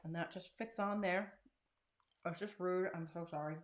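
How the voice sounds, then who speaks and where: Craft channel host, woman, lowish voice, chatty and self-deprecating, casual tutorial. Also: steady tone, moderate pace, slight background noise. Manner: chatty and self-deprecating, talks while working.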